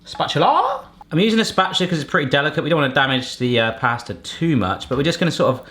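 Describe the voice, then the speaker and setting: A man from England hosts a home cooking show, joking and chatting as he works. His pitch swings widely and lively from line to line. The talk stays loose and playful. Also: fast. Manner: playful, jokey, animated. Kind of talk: casual cooking chat. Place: home kitchen.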